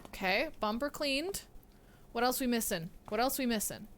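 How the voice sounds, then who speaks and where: Woman game streamer, casual and excitable, slightly high-pitched; noisy recording. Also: normal speed. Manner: chatty, excitable, talks to the game and chat. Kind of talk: casual live-stream gameplay chat.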